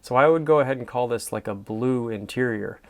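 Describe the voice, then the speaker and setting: Admiring, rambling man with a smooth voice. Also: mid-range voice, a little fast. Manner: enthusiastic, admiring, rambling with fillers; soft-spoken sleep-friendly delivery. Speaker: host. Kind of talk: casual commentary on classified ads.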